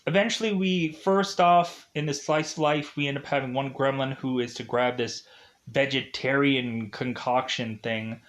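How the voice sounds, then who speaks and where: Man, young adult, casual movie review, rambling, filler words, chuckles a lot, mid-pitched voice. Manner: filler-heavy, chuckling often. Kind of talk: casual rambling film recap.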